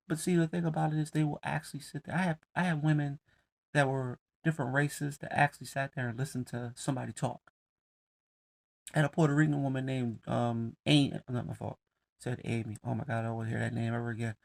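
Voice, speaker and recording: A man's voice: mid-range voice, vocal fry. A man with ranting bluntly and heatedly, with lots of profanity. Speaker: commentator. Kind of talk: casual rant to camera.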